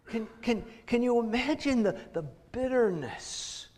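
With an extremely high pitch that is a little mellow, a middle-aged man preaches at a measured pace with few pauses. His storytelling is vivid, full of repeated words and acted-out voices.

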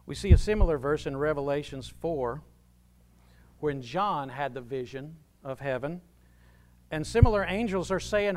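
A man preaching a sermon, swinging from loud proclamations to hushed asides. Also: on the high side, animated, normal speed. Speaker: pastor.

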